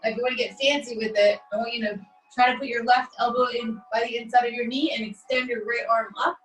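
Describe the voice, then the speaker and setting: A woman leading a guided stretching class, calmly cueing each step while she does the moves herself, recorded on a laptop mic across a room. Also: on the high side, quick pace. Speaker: stretching instructor. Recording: echoey room, distant mic, faint music.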